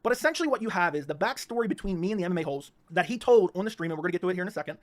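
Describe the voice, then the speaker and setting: A man's voice: high voice, lively intonation, background noise. A man hosting his own livestream, ranting heatedly and repeating himself, with frequent stumbling restarts. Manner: rapid, repetitive, stumbling restarts. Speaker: livestream host.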